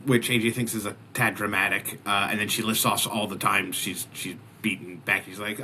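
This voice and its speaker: A man's voice: on the low side, fairly even intonation, brisk, few pauses, pushed and bright, slight background noise. A man hosting a casual wrestling recap podcast, talking animatedly and often restarting his sentences. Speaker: wrestling show recap host.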